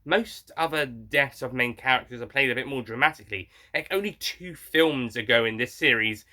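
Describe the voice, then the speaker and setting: A man's voice: medium pitch, normal speed, sharp tone. A man giving a casual, rambling spoken film review, frank and blunt, with frequent restarts and the odd swear word.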